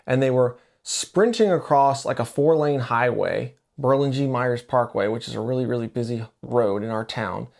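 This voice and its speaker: A middle-aged man hosting a podcast, telling a personal story in a conversational way and acting out the dialogue with lively jumps in pitch. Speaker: podcast host. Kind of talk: storytelling monologue.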